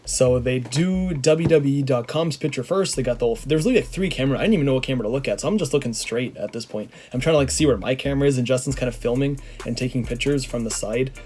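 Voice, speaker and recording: A young man from Canada tells a story to his camera in an excitable, rambling way. He stumbles through fillers and restarts, his voice mid-pitched. Faint music plays underneath. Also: quick pace, few pauses. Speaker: vlogger.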